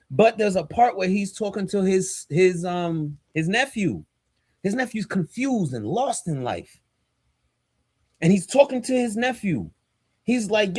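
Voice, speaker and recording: A man's voice: high-pitched, very animated, measured pace, darkish tone, husky, no room sound. A man, a pastor and podcast co-host, talking in a casual but preachy, emphatic and slangy way. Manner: emphatic and fired up, slangy and direct.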